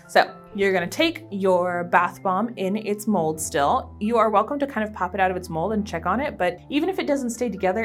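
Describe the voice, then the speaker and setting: A woman presenting a library teen craft tutorial, explaining each step in a friendly, casual way. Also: medium pitch. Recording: soft background piano music.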